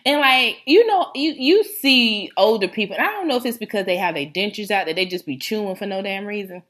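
A woman's voice: mid-range voice, lively intonation, a little fast, a bit bright. A woman from Rochester, New York, hosting a casual talk show, telling stories with big laughs and joking slang. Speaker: podcast host. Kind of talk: casual chat.

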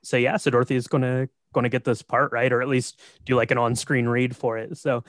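A man co-hosting a casual chat, retelling a film in a relaxed, agreeable way. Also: mid-range voice, fairly quick, no room sound, studio quality. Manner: relaxed, agreeable, frequent affirmations. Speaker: podcast co-host.

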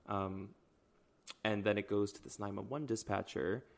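A man co-hosting a true-crime podcast, chatting casually and reading out call captions slowly. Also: fairly low pitch, fairly even intonation, gravelly. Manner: laid-back, reads captions aloud slowly. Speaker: podcast co-host.

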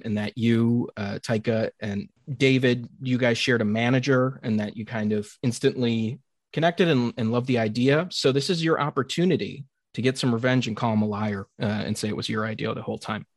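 A man's voice: mid-range voice, fairly quick. A man hosting an interview podcast, reading an upbeat scripted intro and then asking questions. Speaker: podcast host.

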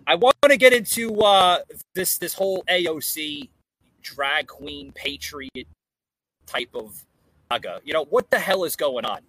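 A man's voice: a little high, animated, unhurried, fairly bright tone, slightly rough, no echo, low-quality recording. A man hosting a casual political podcast from a porch outdoors, talking with lots of fillers and restarts. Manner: hesitant, many fillers and restarts. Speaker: podcast host. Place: outdoor porch in a hot climate.

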